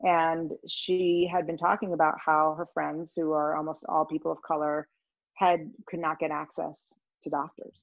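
Low-voiced woman telling a rambling story. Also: little pitch movement, moderate pace, gravelly, no room sound, highs cut off. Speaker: interview guest. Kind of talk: conversational storytelling.

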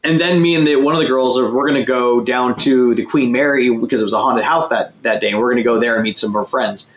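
A man's voice: medium pitch, quick pace, reverberant, slight background noise. A young man telling a crude, rambling story in a casual chat, swearing often and mocking himself. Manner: profane, rambling, self-mocking.

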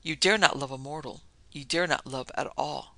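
A man's voice: on the high side, moderate pace, creaky, sharp tone, no echo. A man reading the lines of a loyal young man who talks insistently and fiercely.

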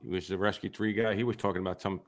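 A man in casual chat with a fellow firefighter, mostly answering with short reactions and quick jokes. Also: low-pitched, steady tone, a crowd in the background.

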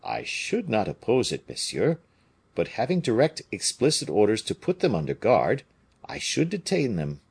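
A man's voice: mid-range voice, huge pitch swings, moderate pace, creaky, a little mellow, husky, heavily acted. A man reading a novel aloud, voicing a polite but firm male harbor officer.

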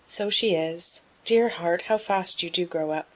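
A woman reading a gentle middle-aged mother in an audiobook, soft, measured and tender. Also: on the low side.

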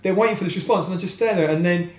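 A British man in his forties, telling stories in a casual, animated chat and often restarting his sentences. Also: high-pitched, racing. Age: 40s. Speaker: podcast guest, cosplayer. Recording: roomy echo.

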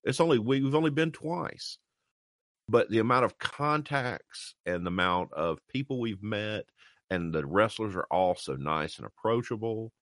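A man hosting a casual wrestling interview, an excitable, enthusiastic fan who chats eagerly with his guest. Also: on the low side, measured pace, no room sound, clean studio sound. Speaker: podcast host.

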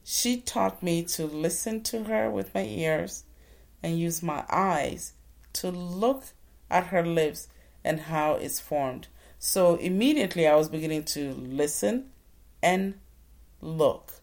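A woman for whom English is a second language, telling her own story slowly and deliberately, pausing between phrases. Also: on the low side, vocal fry, a little mellow. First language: not English. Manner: slow and deliberate, with pauses. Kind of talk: reflective personal storytelling.

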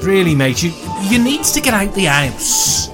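Man putting on a loud crude lad, higher than his own voice, lively swings, swearing and cackling. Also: measured pace, music in the background. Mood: coaxing, tender. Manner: boisterous, swearing, laughing, stammering restarts. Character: crude cheerful English lad, young man abroad. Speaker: character leaving a phone message. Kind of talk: voiced phone message in a solo tabletop game.

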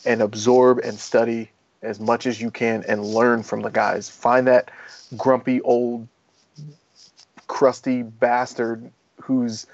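A man, a former Marine turned firefighter, speaking in a casual interview, rambling and profane, and he gets animated when he retells stories. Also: mid-range voice, takes it slowly, no echo, dull audio.

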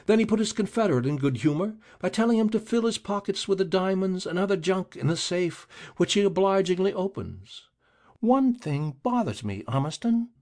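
A man voicing a grim, rasping middle-aged male deputy who questions relentlessly. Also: high-pitched, expressive, moderate pace, a little mellow, pitched above the performer's own voice. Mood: accusing.

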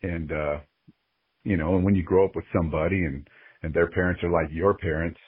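A man's voice: sits low, steady tone, a little fast, husky, no echo. A man speaking as a podcast guest, earnest and openly emotional as he reflects candidly on his life. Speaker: guest, sports ring announcer. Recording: phone-like narrow-band audio.

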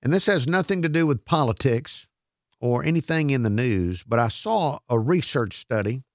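A man's voice: mid-range voice, animated, normal speed, dry recording, studio quality. A man hosting a radio talk show, playful and self-mocking, often trailing off and restarting. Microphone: studio microphone.

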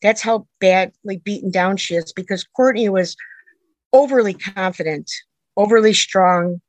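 A woman's voice: medium pitch, a little slow, no echo, low-quality recording. A middle-aged woman, a mother, telling a long personal story in an earnest, rambling way that jumps back and forth in time. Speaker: interviewee, a mother telling her daughter's story.

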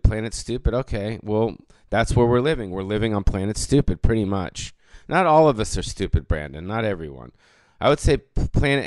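A man in his late forties ranting on his own podcast, rambling and swearing, with loud bursts of bravado and mumbled trailing fillers. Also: lowish voice, no room sound. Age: 40s. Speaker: podcast host. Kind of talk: profane comedic rant.

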